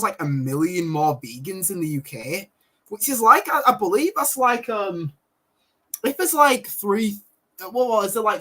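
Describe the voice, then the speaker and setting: Casual male streamer, unhurried, bright tone, rambling. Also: fairly high pitch. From Britain. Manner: rambling, full of ums, giggly asides. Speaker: livestream host. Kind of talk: casual livestream chat.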